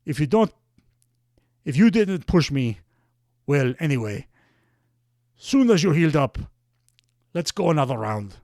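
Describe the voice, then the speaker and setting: A man putting on a rough, overdone Russian-German accent to voice a tough male wrestler. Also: a little high, animated, moderate pace, no room sound, studio quality. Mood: boastful. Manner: shaky, overdone foreign accent attempt.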